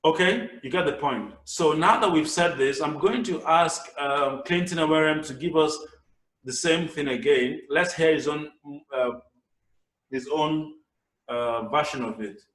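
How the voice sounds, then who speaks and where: A man with a Nigerian accent giving a public speaking webinar over a video call, lively and acting out his examples. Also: on the high side, a little slow. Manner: animated, acts out examples. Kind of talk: webinar lecture. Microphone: video call camera mic. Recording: echoey room, voice distant from mic.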